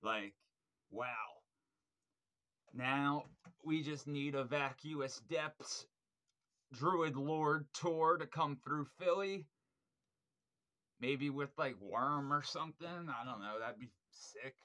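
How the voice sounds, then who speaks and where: On his record review vlog, a young man chats casually and rambles, full of fillers and swear words, getting excited about the music but frustrated while hunting through his shelves. He talks slowly with frequent pauses, his slightly high voice pushed and bright.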